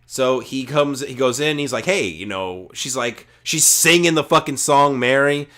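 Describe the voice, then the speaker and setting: A man's voice: medium pitch, animated, normal speed, pushed and bright. A man co-hosting a podcast, retelling movie scenes in a rambling, profane, casual way with lots of filler words. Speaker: podcast co-host. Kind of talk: casual movie review chat.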